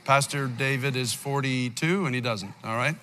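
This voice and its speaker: A man in his sixties preaching a sermon as pastor, with passionate swings between loud climaxes and quiet pleading. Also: mid-range voice, normal speed, in a large hall, a little hiss or hum. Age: 60s. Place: large church hall.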